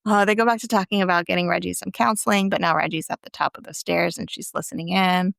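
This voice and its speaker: Creaky-voiced woman recapping a show. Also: on the low side, fairly even intonation, fast talker, fairly bright tone, no room sound, clean studio sound. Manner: laughs often, chatty, acts out quoted lines. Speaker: podcast guest recapping a TV episode. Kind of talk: casual chat, recapping a show.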